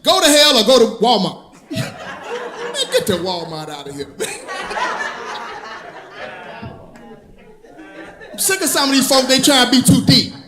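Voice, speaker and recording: A man performing stand-up on a club stage, his voice unusually high and swinging widely in pitch. He drawls through stories and shouts out the punchlines, and the room around him rings with echo and audience laughter. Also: huge pitch swings, takes it slowly, pauses often, crowd noise. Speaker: stand-up comedian. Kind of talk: stand-up comedy set.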